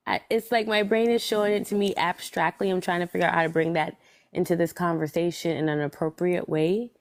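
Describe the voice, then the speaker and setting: A woman's voice: fairly low pitch, fairly even intonation, brisk. A woman in casual conversation who thinks aloud, trails off and restarts, and chuckles often. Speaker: panelist in a live discussion. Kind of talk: casual reflective chat.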